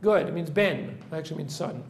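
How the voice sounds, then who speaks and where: In this classroom lecture, a male rabbi with a highish voice talks fairly quickly, walking his students through the material one step at a time. He asks the class questions constantly, checking in with "right?" after almost each point.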